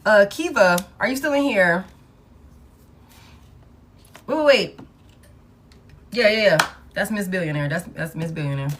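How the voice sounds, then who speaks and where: A woman gives a live tarot reading in a mid-pitched voice, blunt and full of curse words. She thinks aloud as she turns the cards and talks straight to her viewers. Faint noise sits behind her voice. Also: lively intonation, unhurried, pauses often. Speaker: tarot reader.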